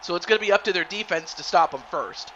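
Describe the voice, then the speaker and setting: Bright-voiced man chatting through a live game stream. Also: high-pitched, animated, fast, lo-fi sound, slight background noise. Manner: chatty, rambling, greets viewers by name. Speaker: streamer commentating a video game league. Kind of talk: casual live-stream commentary.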